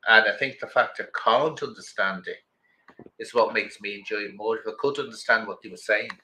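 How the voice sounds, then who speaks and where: A middle-aged man hosting a livestream, with a bright, forward tone. He talks to his viewers in a loose, rambling way and greets them by name between thoughts. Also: on the low side, brisk, slight background noise, poor audio. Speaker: livestream host. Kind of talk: casual chat with viewers.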